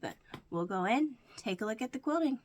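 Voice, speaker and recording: A woman's voice: fairly high pitch, a little fast, slight background noise. Chatty woman showing her quilting projects. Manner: relaxed, chatty, walks through each project step by step. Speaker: crafting vlogger. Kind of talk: casual show-and-tell narration.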